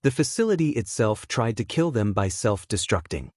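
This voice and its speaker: A man reading a fan fiction story aloud in a steady storytelling manner. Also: on the low side, moderate pace, no echo, studio quality. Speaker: story reader.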